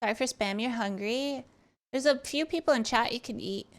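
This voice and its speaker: A woman live-streaming a game talks casually to her chat. Her voice sits a little high, and she teases and curses freely between questions about the game. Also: normal speed. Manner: teasing, profane, chatty with viewers. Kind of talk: casual chat while gaming.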